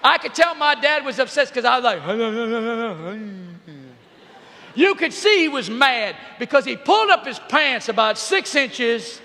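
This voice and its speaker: Middle-aged guy cracking up a teen crowd, really high voice, bright and punchy, big arena echo all around. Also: measured pace. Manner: animated storytelling, often shouting. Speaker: youth speaker. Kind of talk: comedic motivational talk to teens. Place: large arena.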